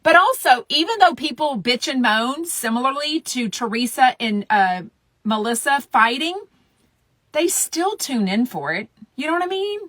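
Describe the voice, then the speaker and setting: A chatty woman hosting a gossip show, blunt and a little profane. Her voice is bright and sits on the high side. The sound is close and dry. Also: expressive, moderate pace, no room sound. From Texas. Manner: chatty, blunt, profane, drops into a whisper for secrets. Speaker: podcast host. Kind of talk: casual gossip chat.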